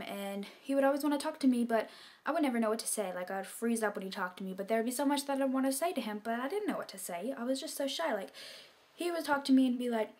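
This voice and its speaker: A young woman telling a personal story to her camera, chatty and full of filler words, dropping into soft whispers when she quotes people. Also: fairly high pitch. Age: young adult. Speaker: vlogger. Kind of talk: casual storytime vlog.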